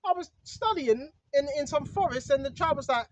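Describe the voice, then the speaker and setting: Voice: sits high, fast, hardly any pauses. A speaker preaching informally, emphatic and repetitive, checking in with the listener again and again. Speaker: online preacher. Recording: dull lo-fi recording.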